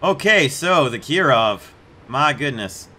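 Male game host, casual chatty commentary, bright edge to the voice. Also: medium pitch, expressive, slow pace. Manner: chatty, amused, puts on mock accents for jokes. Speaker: gameplay video host.

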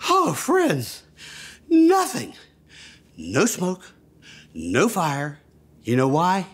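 Lively man telling a kids' Bible story. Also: high voice, slow pace, long pauses. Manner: enthusiastic, gasping, leads children in call-and-response. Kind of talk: animated storytelling to young children.

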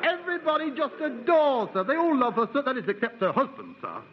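A man's voice: extremely high pitch, huge pitch swings, a little fast, lo-fi sound, exaggerated voice. A man playing a bumbling, servile radio producer in a 1960s comedy sketch, who says "sir" after everything and talks in broken grammar. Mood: eager. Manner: ungrammatical, rambling. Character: bumbling eager middle-aged male radio producer. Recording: hissy old reel-to-reel radio tape.

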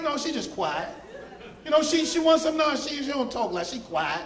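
High-pitched rowdy male stand-up comedian. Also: big pitch swings, fairly quick. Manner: loud, rowdy, shouting punchlines. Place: comedy club stage. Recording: roomy club with audience noise. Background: audience laughter and crowd noise.

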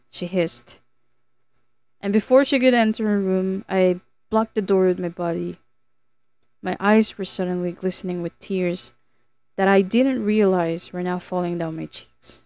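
A woman narrating a first-person novel as an audiobook, in a measured, earnest reading. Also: fairly low pitch, vocal fry, darkish tone, no echo.

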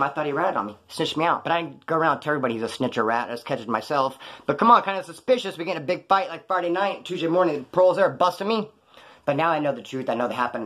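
A husky, slightly high-voiced man rattling off his story at a rapid clip. He tells it casually, in slang and swearing. He slips into the voices of the people he quotes. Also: fairly bright tone. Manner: slangy and profane, acts out quoted dialogue. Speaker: former inmate telling his story.

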